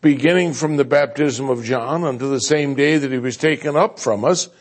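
A man preaching a sermon as a visiting preacher, folksy and animated, joking and mimicking other people's voices. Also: medium pitch, normal speed. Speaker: guest preacher.

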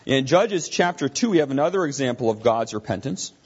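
Male Bible teacher, husky voice, talks through his points with frequent restarts, muffled lo-fi recording. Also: mid-range voice, animated, a little fast. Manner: explanatory, thinking aloud with frequent restarts.

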